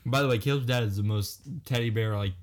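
A man's voice: lowish voice, fast, noisy background. A young man co-hosting a casual podcast chat, joking and laughing often. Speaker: podcast co-host.

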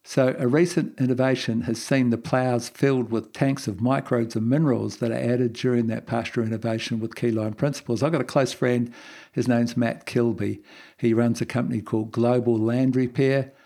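A man hosting a podcast, explaining and telling jokes in a relaxed manner. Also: mid-range voice, normal speed. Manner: relaxed storytelling, gravelly. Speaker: podcast host. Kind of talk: podcast monologue.

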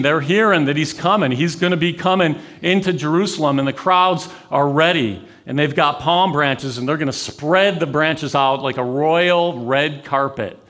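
A man preaching a sermon, telling the story with dramatic swings between raised intensity and near-whispered pauses. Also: fairly high pitch. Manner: dramatic, swings from loud to hushed. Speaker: pastor.

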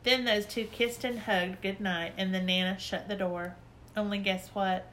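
Audiobook narrator: woman, bright tone, lively childlike telling. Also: medium pitch, measured pace, slight background noise. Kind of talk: storybook reading.

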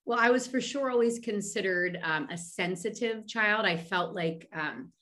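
A middle-aged Philadelphia woman, a medium appearing as a podcast guest, chats through a casual interview full of fillers and restarts. Her voice sits at medium pitch, moves at normal speed, and sounds a bit bright.

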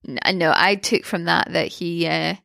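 A woman's voice: on the low side, measured pace, gravelly, sharp tone, no echo, clean studio sound. A young Glaswegian woman co-hosting a podcast, talking bluntly and with indignation, using local slang. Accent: Scottish, Glaswegian. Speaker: podcast co-host. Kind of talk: casual chat recapping a TV episode.

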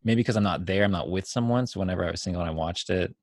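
A young man with a very low voice chats in an animated, rambling way, often trailing off as he talks. The recording is close and dry, with no room sound. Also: very fast, no room sound. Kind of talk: casual chat.

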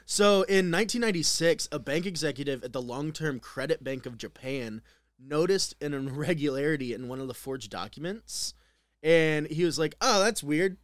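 Young male podcaster, slightly high voice, easygoing storyteller full of ums, dry close mic. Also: normal speed, no echo. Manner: laughs often, filler-heavy, relaxed storytelling. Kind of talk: casual chat, recounting a true crime story.

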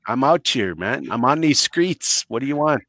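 This is a man telling a comic story. He talks in a blunt, rambling, profane way and jumps into loud impressions, so his pitch swings a great deal. The voice sounds dry and close to the mic. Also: lively intonation, moderate pace, no echo. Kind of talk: improvised comedic storytelling.

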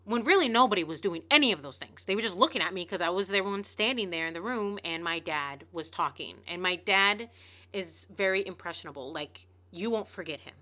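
A woman in her thirties hosting a podcast, telling a personal story in a candid, animated way and swearing freely. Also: mid-range voice. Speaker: podcast host. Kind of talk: casual storytelling monologue.

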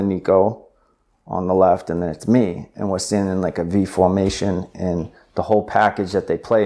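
A young adult man, an interview guest, telling a personal story in an animated way with many filler words. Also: fairly low pitch. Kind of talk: conversational storytelling.

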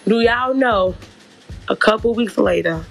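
A woman telling a personal story in a casual, animated and profane storytime monologue. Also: medium pitch, unhurried, creaky, faint music behind. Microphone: podcast mic.

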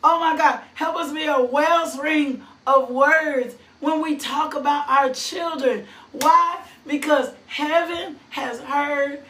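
A high-voiced woman preaching with fervor, her words slow and drawn out, bursting into shrill whoops between lines of scripture. She sounds set back from the microphone in an echoing room. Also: recorded from a distance. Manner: fervent, repeats phrases, sudden high whoops and shouts; reads scripture verses aloud. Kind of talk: impassioned sermon. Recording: echoey room, voice off-mic.

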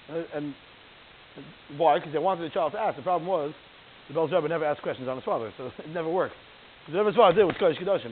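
A man giving a Torah class in an animated, fast yeshiva cadence, his talk full of Hebrew terms. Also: on the high side. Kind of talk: Torah lecture. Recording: tinny phone-like line with hiss.

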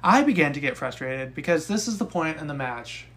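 A young man co-hosting a casual podcast, recapping a wrestling match with profane, animated rants. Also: fairly high pitch, a little fast. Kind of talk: casual chat.

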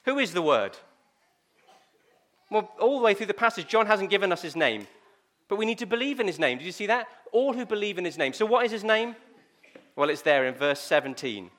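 A male preacher, giving a sermon in a conversational storytelling manner. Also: high voice. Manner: conversational storytelling, lively and direct.

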